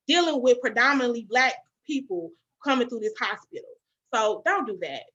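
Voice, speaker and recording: A woman's voice: fairly high pitch, a little fast, muffled recording. A woman podcast host telling a personal story in candid, emphatic talk, full of fillers and asides to her listeners. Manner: animated, emphatic, many fillers and y'all asides.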